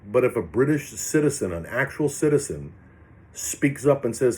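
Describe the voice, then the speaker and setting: A man's voice: mid-range voice, expressive, normal speed, darkish tone. A man delivering a rambling, profanity-laced political rant on his vlog. He sounds angry throughout, restarts his sentences often and keeps piling on insults. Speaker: vlogger. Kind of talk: ranting political commentary.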